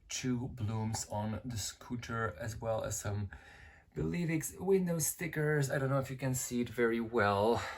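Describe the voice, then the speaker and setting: A collector in their twenties gives a casual, gushing tour of their shelves, filming one-handed and praising every item over and over. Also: medium pitch. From Belgium. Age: 20s. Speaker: collector vlogger. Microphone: handheld camera held in one hand.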